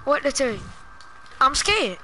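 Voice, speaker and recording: This is a woman, trash-talking through a casual gaming session. Her voice sits high and sounds bright and forward. She teases her opponent relentlessly and breaks into sing-song chants. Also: big pitch swings, unhurried, slight background noise.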